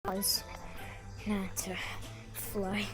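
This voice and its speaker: A woman's voice: mid-range voice, completely flat delivery, extremely slow, poor audio. A woman giving casual, self-mocking gameplay commentary, out of breath, often dropping to a whisper. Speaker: gaming video creator. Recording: game music playing behind.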